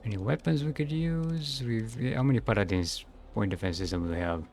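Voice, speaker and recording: A man's voice: medium pitch, brisk, darkish tone, slight background noise. A man streaming a game, thinking aloud in casual commentary and humming to himself.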